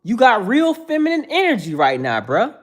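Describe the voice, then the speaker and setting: Blunt lecturing man, lively pitch. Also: normal speed. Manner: blunt, lecturing, calls out chat viewers by name; repetitive, emphatic slang. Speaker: livestream host. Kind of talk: casual livestream rant.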